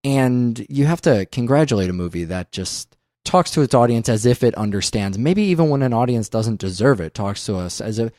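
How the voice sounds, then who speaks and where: A man's voice: medium pitch, animated, moderate pace, a little mellow, no echo, clean studio sound. A man hosting a film podcast in casual discussion, emphatic and opinionated, swearing often. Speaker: podcast host.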